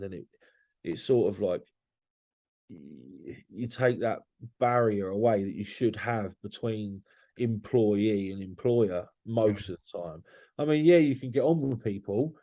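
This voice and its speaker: A man's voice: on the low side, dark tone. A man talking candidly as a podcast guest, blunt and swearing freely, often restarting his sentences.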